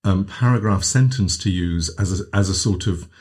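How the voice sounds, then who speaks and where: A man's voice: sits low, moderate pace, darkish tone. A man co-hosting a podcast about voice training, chatting casually and enthusiastically, often trailing off mid-sentence. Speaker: podcast co-host, voice coach.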